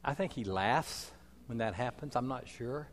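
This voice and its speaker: A man preaching a sermon, telling stories dramatically, swinging from loud declarations to soft asides. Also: medium pitch, normal speed. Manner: dramatic storytelling with wide swings in loudness. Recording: long hall reverb.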